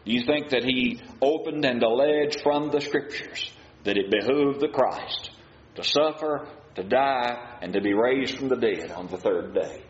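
A man's voice: medium pitch, measured pace. A man preaching a sermon, reading scripture aloud and asking his listeners rhetorical questions. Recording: muffled, roomy recording with faint hiss.

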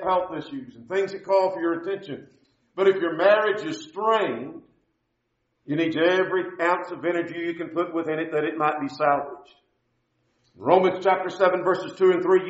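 A man's voice: a little high, normal speed. A man preaching a sermon, emphatic, repeating key phrases and quoting scripture. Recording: echoey, dull church recording.

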